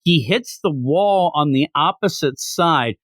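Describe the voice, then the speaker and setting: A man's voice: on the high side, lively intonation, a little slow, a bit bright, no echo. A man co-hosting a podcast, chatting casually and critically about a manga chapter, rambling and acting out lines as he goes. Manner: rambling, critical, acts out quotes. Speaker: podcast co-host. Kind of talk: casual chat reviewing manga.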